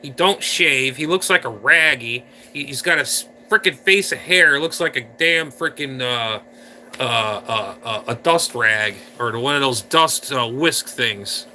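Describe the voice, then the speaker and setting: A man hosts a casual livestream, drifting from crude rants to chatting with viewers. His voice is bright and very sharp, with a faint hiss in the background. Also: mid-range voice, a little slow. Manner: rambling, crude and ranting. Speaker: livestream host.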